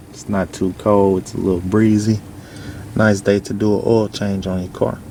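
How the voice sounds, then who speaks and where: Man, lowish voice, unhurried DIY how-to delivery, a bit winded, clear wind noise outdoors. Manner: relaxed, plain-spoken, instructive. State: out of breath. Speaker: DIY car vlogger. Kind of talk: casual how-to narration. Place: outdoors under a car.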